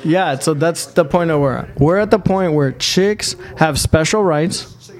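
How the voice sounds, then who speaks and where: A man's voice: on the high side, unhurried. A man telling long, crude anecdotes in casual podcast chat, blunt and profane, rambling from one aside to the next.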